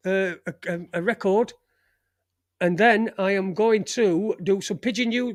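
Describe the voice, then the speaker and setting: A man's voice: sits high, unhurried. A man hosting a live online show in rambling, jokey banter, swearing freely. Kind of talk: casual live-stream chat.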